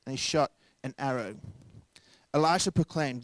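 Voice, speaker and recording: A young man delivering a sermon at a middle pitch. He keeps it casual and joking and acts out the people he quotes. The sound is close and dry, with no room around it. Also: moderate pace, a little mellow, dry recording. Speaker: pastor.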